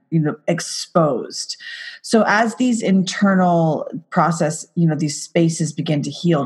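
A woman's voice: sits low, slightly rough. A woman author interviewing a guest, asking long, thoughtful questions in a casual way.

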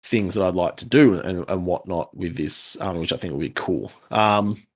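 Rambling man, lowish voice. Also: moderate pace. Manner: rambling, swearing, restarts often. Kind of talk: casual podcast chat.

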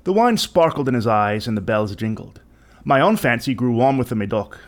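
A man's voice: medium pitch, normal speed. A man giving a theatrical, interpretive reading of a classic short story. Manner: theatrical, expressive narration. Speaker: reader.

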